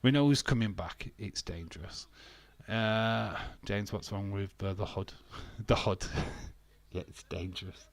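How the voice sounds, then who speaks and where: A man's voice: fairly low pitch, a little slow, no echo. A British man hosting a casual live watch-along, bantering and reading chat comments aloud with frequent laughs. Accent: British English. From England.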